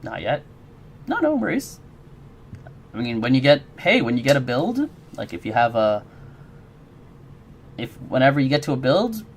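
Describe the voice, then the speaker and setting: Speaking at a medium pitch with slight background noise behind him, a man streams his game development. He chats loosely with his audience, friendly and encouraging, responding to messages in chat as he rambles on.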